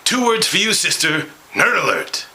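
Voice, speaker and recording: A man voicing a crude, flirtatious aging male movie star in a comedic impression, gravelly, lurching between whispers and shouted outbursts. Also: sits high, big pitch swings, moderate pace, full character voice, rough recording. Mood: brash.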